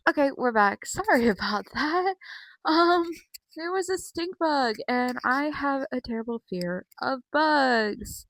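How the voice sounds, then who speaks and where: A woman's voice: high-pitched, animated, slow pace, a bit bright, no room sound, low-quality recording. A young woman chatting casually from her bedroom, rambling with many fillers as she recaps wrestling shows. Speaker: wrestling vlogger. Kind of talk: casual chat.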